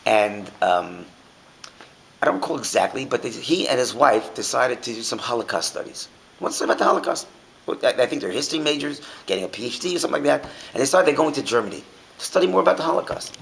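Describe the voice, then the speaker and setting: Animated man teaching a Torah class. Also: mid-range voice, fast talker, gravelly, slight background noise, rough recording. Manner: animated, asks many rhetorical questions, frequent restarts.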